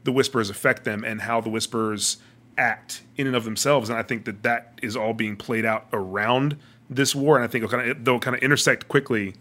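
A man's voice: medium pitch, fairly even intonation, brisk, bright, forceful tone. A man in casual chat, talking through his ideas and often repeating words while thinking.

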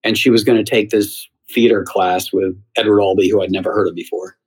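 Husky middle-aged man telling a story. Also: lowish voice, rough recording. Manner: lively storyteller with halting restarts. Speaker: theater columnist and former talk show host. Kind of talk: anecdotal interview answer.

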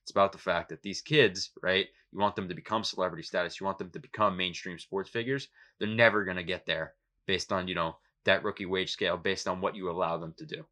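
Fast-talking bright-voiced man. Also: sits low, steady tone. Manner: opinionated, emphatic, swears casually. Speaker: podcast co-host. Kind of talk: casual sports podcast chat.

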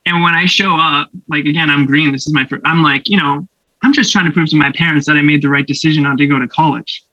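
Brief: young actor guest, animated storyteller, laughs often, dull dry podcast sound. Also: male voice, on the high side, fast, dry recording. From Canada. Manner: animated, laughing, acts out voices in anecdotes. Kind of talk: casual storytelling interview.

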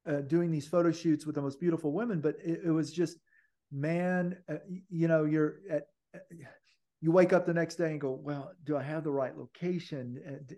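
A man's voice: fairly high pitch, darkish tone. An older man, a podcast guest, telling long stories in a rambling way with many restarts and fillers. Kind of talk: casual interview storytelling.

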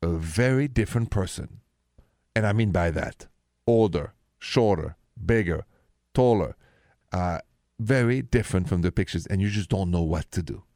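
A man's voice: low voice, animated, normal speed, darkish tone, no room sound, clean studio sound. A man, hosting a late-night radio call-in show and confiding about his own dating life. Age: 50s. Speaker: radio host.

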